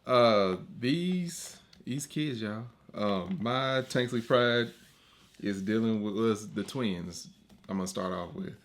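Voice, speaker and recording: A man in his thirties, a podcast co-host, chatting casually and telling stories about his kids, acting out their lines in raised voices. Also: takes it slowly. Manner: animated storyteller, acts out quotes in high voices. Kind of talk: casual chat.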